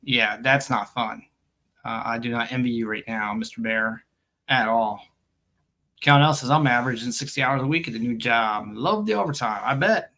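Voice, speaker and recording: Gravelly, bright-voiced man chatting casually. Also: medium pitch, normal speed. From United States. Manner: rambling, jokey, laughs often, reads chat aloud. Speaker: host of a live coin stream. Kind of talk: casual live-stream chat.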